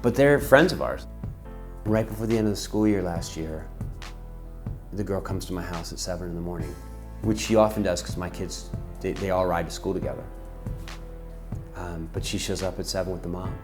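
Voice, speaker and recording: A middle-aged man with a very deep voice tells a personal story from his ministry work. He speaks with intensity and passion, and he acts out the people in the story. Soft music plays faintly behind him. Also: brisk, pauses often.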